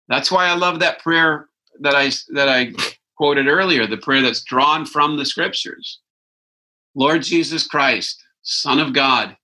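A man's voice: medium pitch, sharp tone, rough recording. A man giving an informal spiritual talk as a Christian teacher, reflective and conversational, thinking aloud as he goes.

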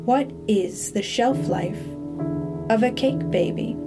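A woman tells a scripted, darkly comic story in a slow, deliberate way. Her voice sits mid-range. Guitar music plays clearly under her. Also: a little high. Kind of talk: scripted dark-comedy narration.

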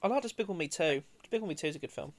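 A man's voice: a little high, lively intonation, racing. A man in casual film chat as a podcast co-host, laid-back and swearing easily.

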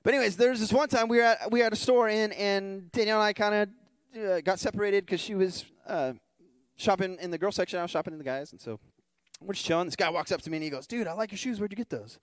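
Fast-talking high-voiced male worship leader. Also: clean tone, no echo. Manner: animated, chatty storyteller who acts out dialogue; frequent restarts and rhetorical "right?". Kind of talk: storytelling sermon.

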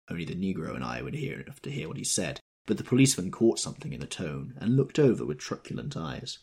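Deep-voiced, husky male audiobook narrator. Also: very animated, fast talker, few pauses, a little mellow. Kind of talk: scripted literary narration.

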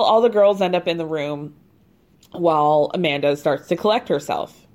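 A woman hosting a podcast who gives a casual, chatty recap, telling the story in an animated way, swearing freely and laughing at her own asides. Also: medium pitch. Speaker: podcast host recapping a reality show.

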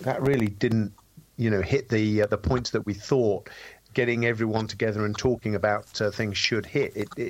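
A man, a former military display pilot, chatting casually with many restarts and fillers. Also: fairly low pitch. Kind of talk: casual chat.

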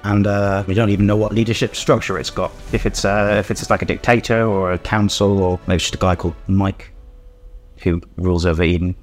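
A man narrating a tabletop game as game master, rambling with many pauses and fillers. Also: low-pitched, fairly even intonation, soft background music. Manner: rambling, with many ums and uhs.

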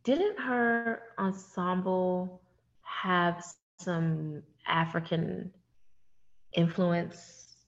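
Low-voiced woman gabbing about a tv show, swears a lot, kinda dull lo-fi sound. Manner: animated, swearing, talks fast in bursts. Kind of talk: casual chat about a TV show.

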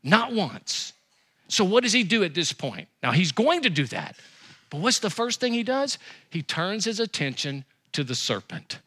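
A man preaching a sermon as pastor, with emphatic repetition and quick rises and drops. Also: high voice, big pitch swings, fairly bright tone, slightly rough.

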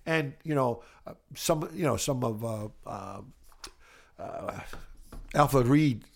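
An older man from Italy with a light Italian accent, a music educator telling animated, rambling stories with many restarts in a casual interview. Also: mid-range voice, slow, vocal fry. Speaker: music educator, podcast guest.

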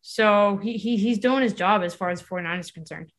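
A woman co-hosting a casual sports podcast, talking quickly and acting out what other people say. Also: mid-range voice. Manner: lively, quick, acts out other people's remarks. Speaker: podcast co-host.

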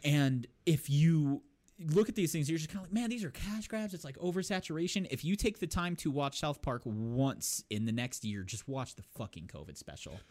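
A man co-hosting a casual podcast, telling a story with lots of laughter and quick put-on voices for the quoted lines. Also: fairly high pitch, expressive, darkish tone, no room sound. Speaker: podcast co-host. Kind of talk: casual chat, retelling a cartoon episode.

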